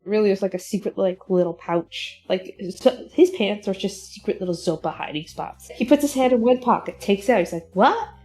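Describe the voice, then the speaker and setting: A woman playing in a tabletop game, telling the scene in an animated way with lots of "like". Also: mid-range voice, moderate pace, few pauses. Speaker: player. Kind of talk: casual tabletop game chat.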